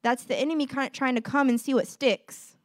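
A woman's voice: high voice, fairly even intonation, fairly quick, dry recording, clean studio sound. A woman giving an informal, earnest sermon, talking conversationally to her listeners and acting out little dialogues. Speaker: preacher.

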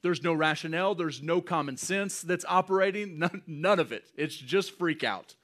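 A man preaching a sermon, animated and often chuckling as he acts out scenes. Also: fairly high pitch, normal speed. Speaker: pastor.

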